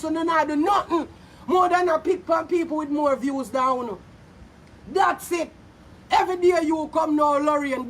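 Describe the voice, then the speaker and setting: A woman with a Jamaican accent ranting angrily on a vlog, loud and profane, hurling insults and often shouting. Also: high voice. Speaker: vlogger. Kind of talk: angry social media rant. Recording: voice a little far from mic, faint background noise.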